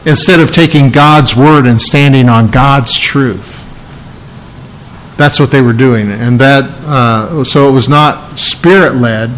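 A man's voice: medium pitch, takes it slowly, a bit bright, a little hiss or hum, low-quality recording. A man preaching an expository sermon, explaining scripture verse by verse in an emphatic way. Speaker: pastor.

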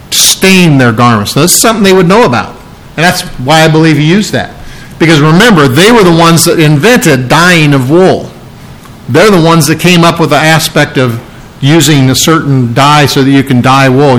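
Male pastor, expository sermon, emphatic, verse-by-verse teaching, somewhat high voice. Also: fairly bright tone, rough recording. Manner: emphatic, explains scripture verse by verse.

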